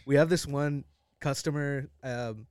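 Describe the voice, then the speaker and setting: A man's voice: mid-range voice, unhurried, darkish tone, smooth, dry recording, clean studio sound. A young adult man, co-hosting a podcast and telling work stories in a laid-back way. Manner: laid-back, says "dude" a lot. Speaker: podcast co-host, pest control worker. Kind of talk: casual podcast chat.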